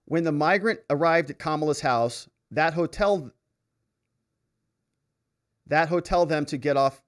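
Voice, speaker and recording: A man's voice: fairly high pitch, measured pace. A man hosting a live stream, reading viewer comments aloud and reacting with frequent laughter and exclamations. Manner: animated, laughs often, reacts loudly to comments. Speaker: livestream host reading viewer chats. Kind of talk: casual live-stream chat.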